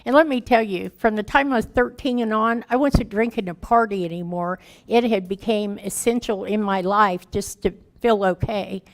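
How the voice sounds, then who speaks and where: Gravelly-voiced woman giving raw testimony. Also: medium pitch, normal speed, hardly any pauses. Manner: candid and plain-spoken, folksy grammar; emotional, raw storytelling. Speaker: guest speaker. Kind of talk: personal recovery testimony.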